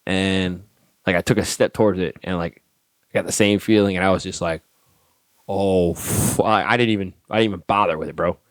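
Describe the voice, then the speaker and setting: Brief: male soldier guest, very deep voice, dry close sound, swears freely while acting out dialogue. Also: fairly quick, dry recording. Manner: profane, animated storyteller acting out dialogue. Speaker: podcast guest, army staff sergeant. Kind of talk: casual storytelling.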